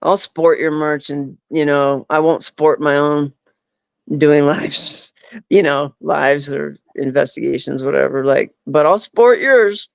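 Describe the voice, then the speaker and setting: A man's voice: a little high, slow pace, gravelly, no room sound. A man in casual chat as a podcast guest who rambles and fills his talk with "like" and "you know". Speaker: podcast guest, paranormal investigator. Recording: dull, lo-fi, dry.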